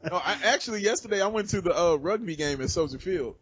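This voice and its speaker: A man's voice: sits high, animated, fast, fairly bright tone, muffled recording. A man on a sports podcast as a guest, talking with enthusiasm and joking around. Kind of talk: casual sports talk chat.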